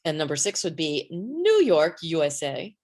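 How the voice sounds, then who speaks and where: Chatty woman co-host, lower voice. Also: very animated, moderate pace, darkish tone. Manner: chatty, laughs easily, playful. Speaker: podcast co-host. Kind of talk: casual chat.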